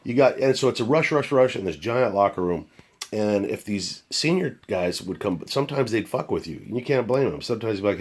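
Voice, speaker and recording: Older guy telling old cop stories, husky low voice, swears a lot. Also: a little fast. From United States. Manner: blunt, profane, animated storyteller. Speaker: retired police officer telling stories. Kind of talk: casual storytelling.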